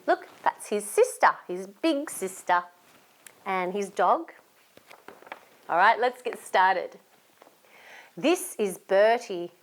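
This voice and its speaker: A woman with an Australian accent, a children's entertainer reading a picture book aloud, animated and asking young listeners to join in. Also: mid-range voice. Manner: animated, asks young listeners questions and invites them to join in.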